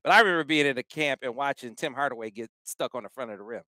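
A man co-hosting a sports podcast, chatting casually and telling stories with animated emphasis. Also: medium pitch, fast talker, no room sound, studio quality. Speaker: podcast co-host.

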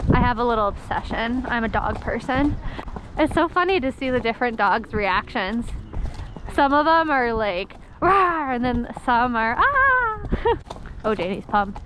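A young woman chats and giggles as she rides a horse along an outdoor trail. Her voice sits high and bright, and she teases her horse often. The sound comes from a body-mounted action camera, with a faint hiss underneath. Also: lively intonation, moderate pace. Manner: giggly, chatty, teasing. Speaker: vlogger. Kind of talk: casual chat while riding. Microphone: helmet or body-mounted action camera.

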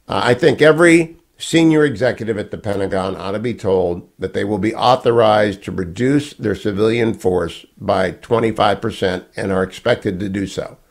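An older man hosting a political talk radio show, lecturing emphatically and repeating his key points. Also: medium pitch. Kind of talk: opinionated political monologue.

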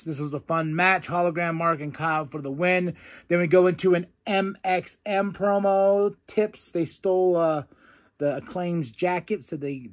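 A young man with a slightly high voice runs through a wrestling show in a loose, chatty recap. He jumps into excited voices to mimic the wrestlers and laughs easily. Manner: animated, quotes wrestlers in excited put-on voices, laughs often. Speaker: podcast host.

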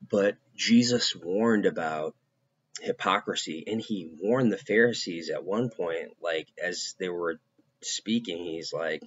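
A man with a very deep voice gives a casual devotional talk, taking his time and pausing often on fillers. The recording sounds dull and lo-fi. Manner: casual, halting, with many fillers. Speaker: preacher.

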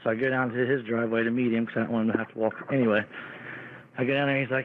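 A man's voice: medium pitch, level tone, rapid-fire. A man casually telling a rambling story about his neighborhood, often quoting neighbors. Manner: rambling, restarts and quotes neighbors. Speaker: caller telling an encounter story. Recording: tinny phone line.

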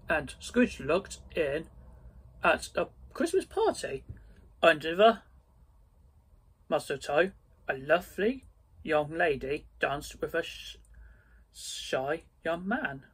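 Storybook reader: a man, slightly high, slow careful delivery. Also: animated, a bit bright, slightly rough. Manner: slow, careful reading with small slips. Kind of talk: reading a storybook aloud.

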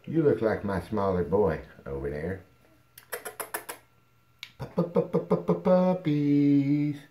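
A man's voice: low-pitched, big pitch swings, normal speed, dull audio, background noise. A man breeding dogs, talking casually to puppies on a home video and cooing at them playfully, sometimes in a whisper. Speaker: dog breeder. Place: indoor room at home.

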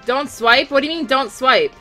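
A young woman live-streaming a game, rapidly thanking viewers and shaking with excitement. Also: high-pitched, soft background music.

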